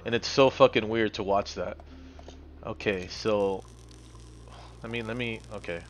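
A man's voice: fairly low pitch, steady tone, unhurried, a little hiss or hum. A man live-streaming a game, commenting casually, frustrated and swearing as he mutters to himself.

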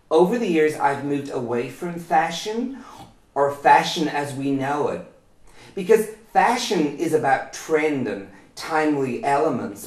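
A man playing a pompous slow-talking fashion intellectual. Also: mid-range voice, recorded from a distance, close to an everyday voice. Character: pompous male fashion academic, self-important. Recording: roomy echo.

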